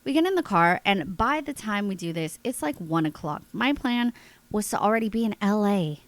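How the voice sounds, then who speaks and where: A woman's voice: medium pitch, moderate pace, dry recording, rough recording. A woman in her thirties hosts her own podcast, telling a long personal story in a loose, chatty monologue. Her nose is congested, and she laughs easily as she talks to her listeners. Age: 30s. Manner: chatty, animated, laughs often, addresses listeners as guys. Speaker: podcast host.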